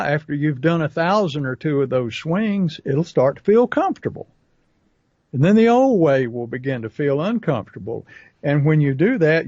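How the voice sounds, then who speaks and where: Man, folksy storyteller, slightly high voice, dry muffled sound. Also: a little mellow, no room sound. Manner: folksy storytelling with acted asides. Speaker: podcast co-host and business coach. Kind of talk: casual podcast talk.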